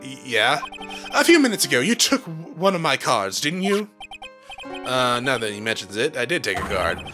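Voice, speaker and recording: A man's voice: medium pitch, sing-song, normal speed, music in the background, lightly acted. A man voicing a vain, flamboyant male circus star who talks in a theatrical, showy way. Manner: theatrical, drawls sweetie and fabulous.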